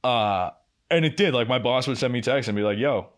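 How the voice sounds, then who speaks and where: With a mid-range voice and a brisk pace, this young podcast co-host spins a long, casual work story. He's profane and animated, voicing both parties in the quoted arguments.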